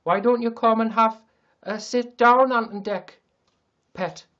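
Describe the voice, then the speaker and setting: A man doing a loud, sing-song Geordie impression of a hearty Newcastle man. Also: extremely high pitch, fairly even intonation, a little slow, highs cut off, voice pushed up. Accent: Geordie, put on.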